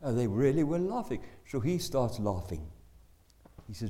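A man, telling a story in an animated, dramatic sermon. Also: mid-range voice, moderate pace. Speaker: preacher.

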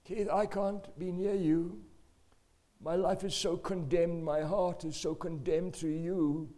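A man acting out a distraught, weeping male coworker who pleads slowly and loudly in guilt. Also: high voice, fairly even intonation. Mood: anguished. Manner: slow, loud, anguished pleading.

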